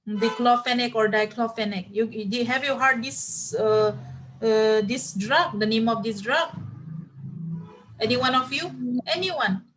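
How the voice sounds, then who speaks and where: A woman's voice: a little high, takes it slowly, long pauses, fairly bright tone, a little hiss or hum. A woman teaching a classroom lecture, who repeats herself, spells out words letter by letter and uses many fillers like "uh" and "like". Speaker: nursing teacher.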